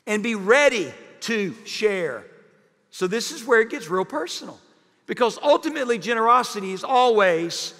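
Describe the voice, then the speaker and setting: Male pastor, high bright voice, playful sermon delivery, long reverb of a church hall. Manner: animated, jokey preaching with sudden loud bursts. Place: church sanctuary.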